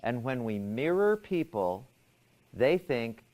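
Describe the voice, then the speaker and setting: A man's voice: fairly low pitch, expressive, measured pace. A man teaching a class, asking students questions and explaining ideas step by step. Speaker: instructor.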